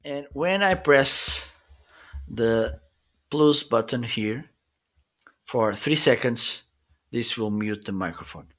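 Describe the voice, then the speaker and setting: At his desk, a man hosts a relaxed live shopping stream, a casual product demo in which he tests desk microphones by counting and saying hello. His medium-pitched, slightly bright voice has lively intonation, a slow pace and frequent pauses.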